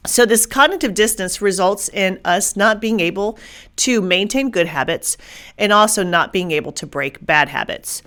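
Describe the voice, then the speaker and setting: A woman's voice: medium pitch, a bit bright. A woman hosting a faith-based motivational podcast. She talks with emphatic energy, sometimes repeats words to stress a point, and acts out the inner voices she describes. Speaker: podcast host.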